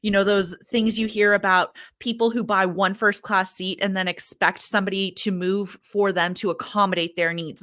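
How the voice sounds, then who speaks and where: A woman with a bright, forceful voice co-hosts a casual podcast chat. She tells her story with firm, indignant politeness. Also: mid-range voice, fairly even intonation, normal speed, hardly any pauses. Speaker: podcast co-host.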